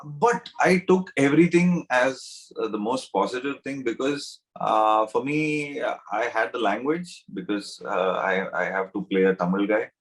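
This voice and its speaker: A middle-aged man with a South Indian English accent tells his story in an easygoing, rambling way. His voice sits low, and he keeps backing up to restart his sentences, with lots of fillers along the way. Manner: rambling, many fillers and restarts, switches into Hindi phrases. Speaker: interviewed actor. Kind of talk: casual interview answers.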